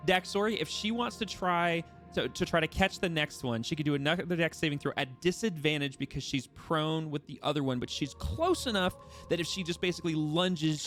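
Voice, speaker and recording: A man running a tabletop game as game master, narrating in a lively, animated way with frequent restarts. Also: a little high.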